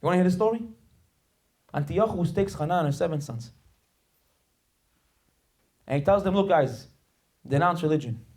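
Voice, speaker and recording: A man's voice: sits high, moderate pace, long pauses, a little mellow. A male rabbi giving a sermon, emphatic and dramatic, telling stories and acting out the voices in them. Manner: acts out quoted voices.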